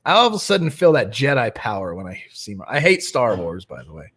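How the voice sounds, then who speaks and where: A man's voice: medium pitch, very animated, fairly quick, a bit bright, breathy edge. A young man hosting a nightly recovery livestream, chatting casually and greeting viewers by name.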